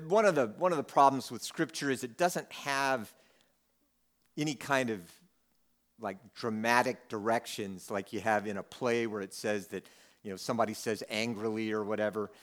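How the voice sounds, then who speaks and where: A preacher with a mid-range, fairly bright voice teaches a Bible passage conversationally. He reads the text, then acts out the disciples' lines with humor.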